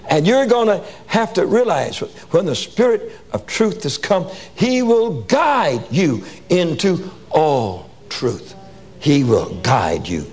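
A man preaching a sermon full of stories, animated and colloquial, repeating words for emphasis. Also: fairly high pitch, breathy edge. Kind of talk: sermon with storytelling.

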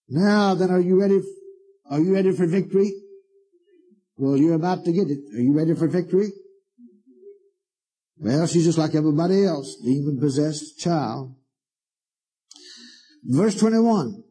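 Emphatic preacher man, dark husky voice. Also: on the high side, expressive. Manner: emphatic, repetitive, drawn-out preaching with sudden asides. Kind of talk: sermon reading and preaching on scripture.

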